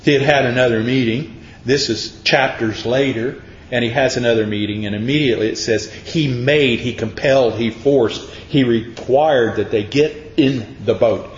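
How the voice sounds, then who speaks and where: A man's voice: mid-range voice, normal speed, a little hiss or hum. A man preaching a sermon, dramatic and acting out voices from the Bible. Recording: echoey room, dull sound.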